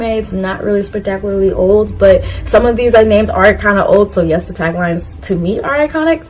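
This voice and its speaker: The recording is poor, and the woman's mid-range voice carries a darkish tone. She's a YouTuber ranking anime catchphrases, vlogging in a loose, rambling style, laughing at herself and urging the viewers she talks straight to to leave comments.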